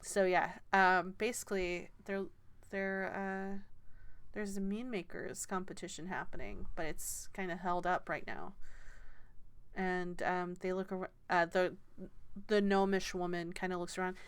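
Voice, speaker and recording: A woman's voice: lowish voice, fairly even intonation, a little slow, smooth. A woman running a tabletop game as game master, narrating with hesitant fillers. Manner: hesitant, many fillers, laughs often.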